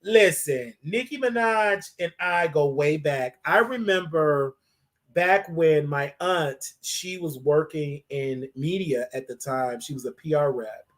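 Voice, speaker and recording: A man hosting a livestream, emotional after crying, repeating his thanks to viewers over and over. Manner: jumps to high drawn-out greetings when welcoming viewers. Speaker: livestream host. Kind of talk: emotional live stream chat with viewers.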